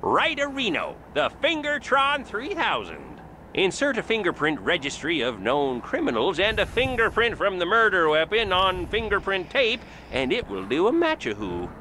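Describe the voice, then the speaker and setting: A giggly, eager small-town coroner. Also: male voice, sits high, wildly swooping pitch, normal speed, sharp tone, slight background noise, heavily acted. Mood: giddy. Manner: giggly, tacks "a who" onto words. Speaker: game character.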